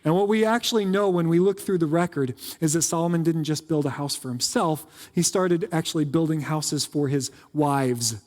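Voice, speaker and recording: A man preaching a casual, joking sermon as pastor, with quick asides to the congregation. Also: on the high side, darkish tone, big-room sound. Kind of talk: conversational sermon. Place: church sanctuary.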